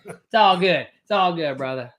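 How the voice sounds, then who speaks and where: Brief: male live-stream trading host, bright ringing voice, blunt and profane, lots of energy. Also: a little high, moderate pace. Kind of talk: live-streamed casual teaching.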